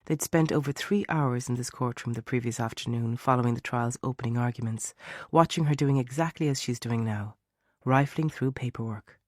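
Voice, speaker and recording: A man narrating a mystery thriller audiobook in a measured storytelling way. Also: medium pitch, dry recording, clean studio sound. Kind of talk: scripted narration.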